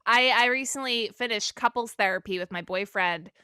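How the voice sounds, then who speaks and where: A woman hosts a casual podcast chat, and her voice is bright and clear as it cuts through. She is playful, laughs easily, and keeps the questions coming. The recording is dry, as if made right at the mic. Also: on the high side, moderate pace, dry recording. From United States. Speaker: podcast host.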